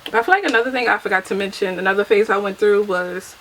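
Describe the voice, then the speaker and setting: A chatty young woman talks casually while doing her makeup at home, laughing at herself as she goes. Her voice sits at an ordinary middle pitch, picked up by a camera mic with a faint hiss underneath. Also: fast, fairly bright tone, poor audio. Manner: chatty and self-deprecating, laughs often. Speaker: beauty vlogger. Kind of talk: casual get-ready-with-me chat.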